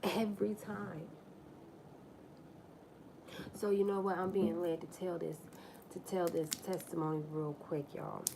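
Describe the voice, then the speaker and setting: A woman hosting a livestream, telling a personal story to her viewers in a candid, profane, animated way. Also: lowish voice, measured pace, pauses often, background noise. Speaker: livestream host.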